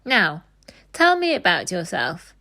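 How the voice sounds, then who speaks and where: A kind elderly gentleman, grave but caring, as a woman reads him aloud. He speaks gently and earnestly, at an unhurried pace. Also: lowish voice, huge pitch swings, vocal fry, heavily acted.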